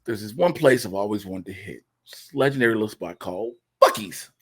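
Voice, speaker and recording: A man hosting a podcast, telling a funny story in casual chat with big excited outbursts. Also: fairly low pitch, fairly quick, breathy edge. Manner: animated, swings into loud excited shouts and laughs. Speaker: podcast host.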